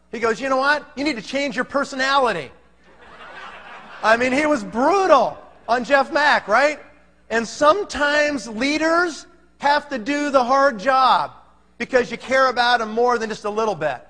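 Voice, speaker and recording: Brief: high-pitched male conference speaker, animated and pushy, hall reverb around him. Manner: animated, keeps checking in with the audience. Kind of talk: motivational sales talk. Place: large hall.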